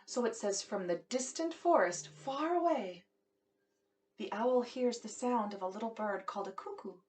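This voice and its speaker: A woman music teacher patiently explaining a song to children in a simple, gentle way. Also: mid-range voice, moderate pace.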